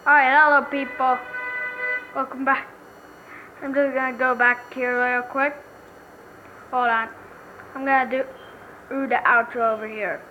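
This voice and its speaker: A woman's voice: high-pitched, flat delivery, unhurried, pauses often, pushed and bright, lo-fi sound, a little hiss or hum. A woman hosting a casual let's-play video, talking to viewers in a playful, giddy way. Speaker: gaming channel host.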